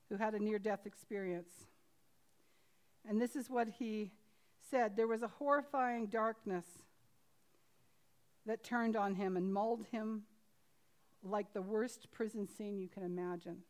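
Earnest woman preacher reading aloud. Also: mid-range voice. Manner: earnest, swings between loud emphasis and hushed quiet; halting, with restarts and fillers. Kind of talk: sermon, reading aloud from a book.

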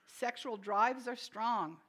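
A woman preaching a sermon in a conversational way, asking the congregation questions and adding quiet, joking asides between emphatic statements. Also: on the high side, takes it slowly. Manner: swings from emphatic declarations to soft, quiet asides.

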